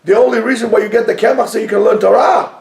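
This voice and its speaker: A man teaching a lively Torah class to students, joking and mixing in Hebrew phrases. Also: high-pitched, fast, gravelly, echoey room.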